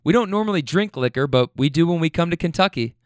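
A man's voice: a little high, expressive, quick pace, no echo, clean studio sound, close to an everyday voice. A man voicing a teasing wife, raising his voice a little as he quotes her jokes. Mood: cheerful. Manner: teasing, wisecracking. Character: teasing, joking middle-aged wife.

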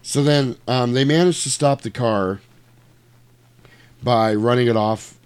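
A man casually retelling a movie plot in chat, animated and swearing, acting out lines in put-on voices. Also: medium pitch, measured pace, clear, resonant tone.

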